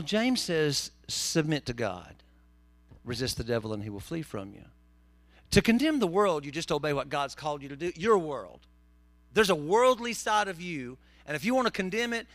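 A man's voice: a little high, a bit bright, dry recording. A man preaching a sermon, telling folksy, joking stories. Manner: folksy, joking storyteller with southern turns of phrase. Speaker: pastor.

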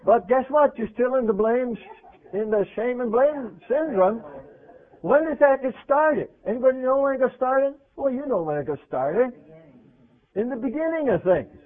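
Man, high-pitched, conversational sermon, questioning listeners, loud then hushed, tinny radio sound. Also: animated, normal speed. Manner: conversational preaching, asks the audience questions, voice swings from loud to hushed. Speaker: preacher. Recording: tinny phone-like radio recording.

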